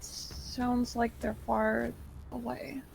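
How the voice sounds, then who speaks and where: A woman playing a tabletop game, giving brief, calm replies. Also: on the high side, drawn-out words, gravelly, slight background noise. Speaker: player.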